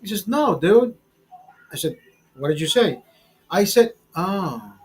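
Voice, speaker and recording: Host, man in his forties, high voice, foul-mouthed, rambling stories, laughs a lot. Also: sing-song, slow, poor audio. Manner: profane, rambling, many restarts; calls the listener brother. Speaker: channel host. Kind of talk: casual storytelling over a beer.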